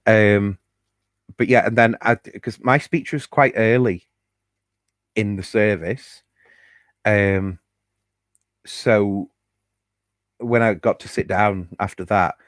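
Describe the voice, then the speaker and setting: A man's voice: lowish voice, no room sound. A man telling a personal story on a podcast, chatty and candid, with fillers and the odd swear word. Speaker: podcast host.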